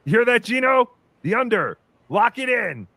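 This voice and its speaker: A man with a very high voice, heard in a played clip. He mocks and teases in a sarcastic way, and his pitch jumps around a lot. The sound is dry. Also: sing-song, normal speed, pushed and bright, no room sound. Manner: sarcastic, teasing. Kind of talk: mocking commentary.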